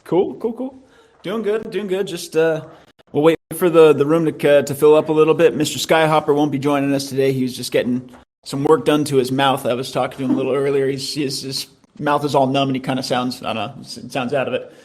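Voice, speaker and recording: A man's voice: on the high side, fairly even intonation, fairly quick, darkish tone. A man hosting a casual live voice-chat update for his studio's community, laid-back and slangy, drifting through fillers and restarts. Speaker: host of a studio community call.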